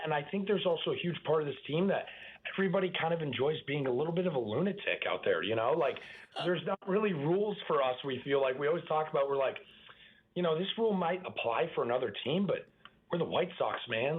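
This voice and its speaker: A young man from the Boston area, a pro baseball player guesting on a radio show, talking in an easygoing, rambling way. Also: on the high side. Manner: easygoing, rambling with filler words. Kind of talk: casual interview chat. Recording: tinny phone-like line.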